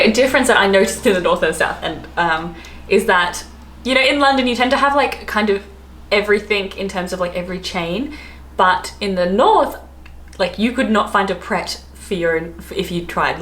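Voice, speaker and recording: A travel vlogger with an Australian accent chats casually to camera, rambling and laughing often. Her mid-range voice is a bit bright, and the echoey room carries faint ambience plus a little hiss or hum.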